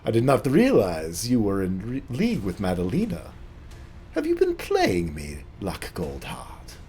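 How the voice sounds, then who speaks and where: A man's voice: fairly low pitch, wildly swooping pitch, unhurried, dark tone, slight background noise. A man voicing a haughty, elegant French noblewoman with a put-on French accent. He plays her arch and probing.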